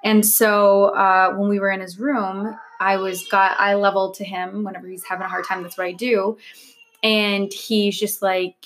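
A woman's voice: medium pitch, flat delivery, normal speed, fairly bright tone, a little hiss or hum. A woman in her thirties chatting casually as a co-host, telling stories animatedly and acting out quoted dialogue. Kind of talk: casual chat.

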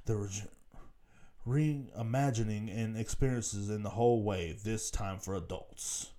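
A man's voice: lowish voice, a little slow, warm tone. A man in his thirties hosting a podcast, ranting casually and profanely, rambling and laughing at his own jokes. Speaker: podcast host. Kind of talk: casual solo rant.

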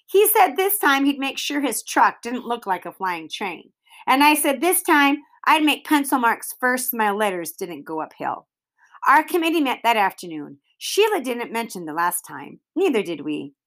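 A woman reads a children's novel aloud, expressive in her storytelling. Her voice is fairly high and full of rise and fall. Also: normal speed. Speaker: reader.

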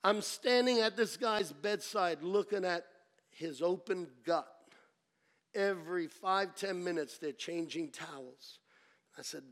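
Guy pastor preaching, high ringing voice, goes quiet then loud. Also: unhurried. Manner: dramatic storytelling, swings from hushed to shouting. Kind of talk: sermon.

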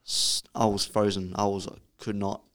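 A man in casual podcast chat, telling a story haltingly and repeating his words. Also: fairly low pitch, level tone, fairly bright tone. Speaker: podcast co-host.

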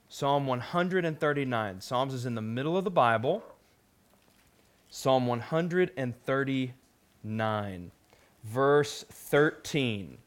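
A young adult man preaching a sermon, casual and animated, with frequent fillers and quick asides to the audience. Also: medium pitch. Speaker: pastor.

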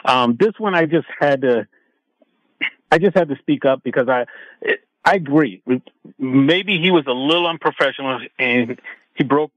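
Caller guy on a radio show, quick friendly talk, trips over his words. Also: medium pitch, a bit bright, dry recording, dull audio. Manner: fast, friendly, stumbling restarts. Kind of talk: call-in radio chat.

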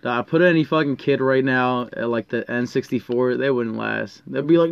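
A man's voice: mid-range voice, normal speed, gravelly, hardly any pauses, clear, resonant tone, no echo. Slangy storytelling man, lo-fi sound. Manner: slangy storyteller, says "dog", swears. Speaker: podcast co-host. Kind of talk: casual chat. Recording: dull lo-fi dry sound.

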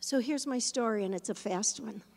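A woman pastor telling a story in a sermon, animated at times and hushed and reflective at others. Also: a little high, normal speed, gravelly, in a large hall.

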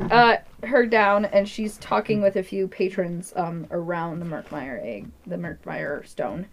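A woman's voice: fairly low pitch, measured pace, hardly any pauses, rough recording. A woman narrating a tabletop game as game master, chatty and full of fillers.

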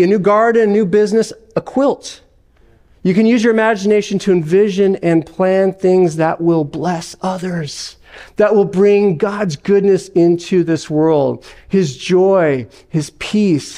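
A male pastor delivers a sermon in a measured storytelling way. His voice is higher than most men's, with a gravelly fry. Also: darkish tone.

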